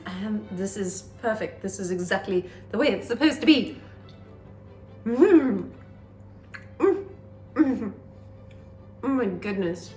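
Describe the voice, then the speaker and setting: A woman's voice: on the high side, animated, slow pace, pauses often, mellow. A woman hosting a casual home cooking vlog, bubbly and gushing, talking fondly to her bread as she bakes. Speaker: cooking vlogger. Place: home kitchen. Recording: echoey room, faint music.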